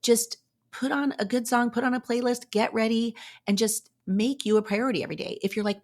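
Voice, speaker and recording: A woman's voice: medium pitch, fairly quick. A woman hosting a podcast, talking casually and encouragingly, upbeat and chatty with playful asides. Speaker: podcast host. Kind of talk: casual motivational talk.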